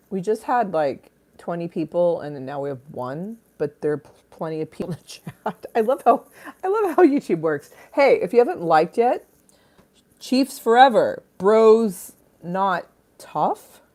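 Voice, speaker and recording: Low-voiced woman, crude and playful. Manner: playful and crude, swings between loud bursts and low mutters. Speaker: livestream host. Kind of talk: casual livestream chat. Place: Los Angeles home. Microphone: phone.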